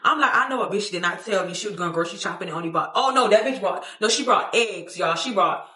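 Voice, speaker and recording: Bright-voiced young woman telling a story. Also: medium pitch, fast talker. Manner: expressive, slangy, profane, acts out quotes, laughs often. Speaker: storytime vlogger. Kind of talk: animated storytelling to camera. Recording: echoey room.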